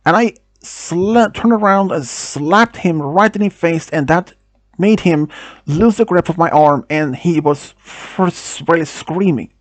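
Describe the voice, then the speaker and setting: A man whose first language is Swedish tells a first-person story, halting with restarts and non-native phrasing. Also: on the high side, dry recording.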